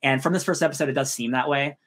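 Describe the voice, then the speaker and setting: A man co-hosting a casual review podcast. He talks at a rapid clip, piling up fillers and restarts as he goes. He slips into quick mocking voices to act out a point. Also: medium pitch. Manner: fast, animated, filler-heavy, drops into mock voices. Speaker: podcast co-host.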